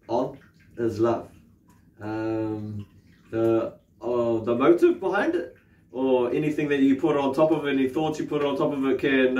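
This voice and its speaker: A man's voice: mid-range voice, a little mellow, distant mic. A man giving a casual spiritual talk as a meditation teacher, swearing, laughing often and rambling with many fillers. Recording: roomy sound from off the mic.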